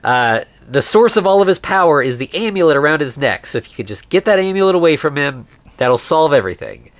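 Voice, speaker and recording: A man casually retelling a movie plot on a podcast, slipping into the characters' voices as he goes. His pitch jumps around a lot, and the sound is dry and close. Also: very animated, fast talker, no room sound. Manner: acts out characters' lines while retelling the plot. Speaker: podcast co-host.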